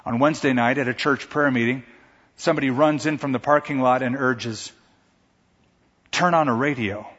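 A man's voice: mid-range voice, fairly even intonation, fairly quick, fairly bright tone, slightly rough. A male pastor preaching a sermon, telling a story in a vivid, dramatic way. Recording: echoey hall, dull lo-fi sound.

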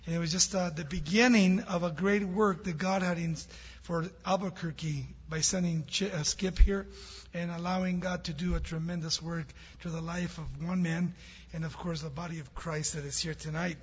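A man's voice: fairly high pitch, steady tone, moderate pace, husky. A man guest preaching a sermon with a storyteller's manner, heard from a large church hall. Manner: warm storytelling, laughs with audience. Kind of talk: sermon with jokes. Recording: dull reverberant church hall recording.

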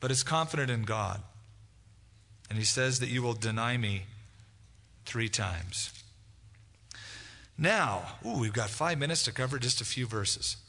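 A man's voice: medium pitch, animated, unhurried, vocal fry, long pauses, sharp tone. A man preaching a conversational sermon as pastor, acting out quoted dialogue. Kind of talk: expository sermon. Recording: long hall reverb.

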